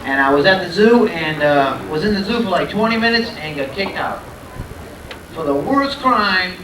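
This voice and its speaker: Loud high-voiced stand-up comic. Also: male voice, expressive, moderate pace. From Providence, Rhode Island. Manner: loud, punchy, working the crowd. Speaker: stand-up comedian. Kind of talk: stand-up comedy set. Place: comedy club stage. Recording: echoey club from a far camera, loud crowd.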